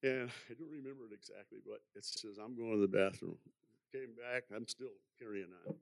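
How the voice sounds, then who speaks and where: A man's voice: lowish voice, a little fast, creaky, no room sound, clean studio sound. A man in his sixties giving a personal testimony in church, rambling and chuckling as he tells his story. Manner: rambling, chuckling, self-deprecating.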